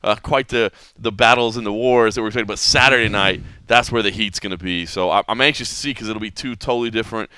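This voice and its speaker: A man hosting a sports podcast, telling stories in a casual, animated way with frequent restarts. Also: on the low side, fast, hardly any pauses, clear, resonant tone, no echo. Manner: animated storytelling with many restarts. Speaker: podcast host.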